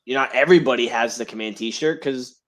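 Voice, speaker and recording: A man's voice: mid-range voice, fast, fairly bright tone. A man co-hosting a podcast in casual, rambling banter, joking and swearing freely. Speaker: podcast co-host.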